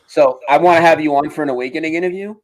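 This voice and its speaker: A man with a Boston accent, a guest and radio host, chatting casually on a podcast, loud and excitable and swearing freely. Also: fairly high pitch, very fast, rough recording.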